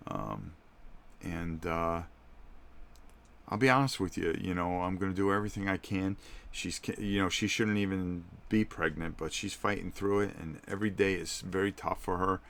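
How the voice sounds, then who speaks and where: A man's voice: deep voice, fairly even intonation, normal speed, creaky, a bit bright. A middle-aged man hosting a live stream, chatting casually and speaking directly to his viewers.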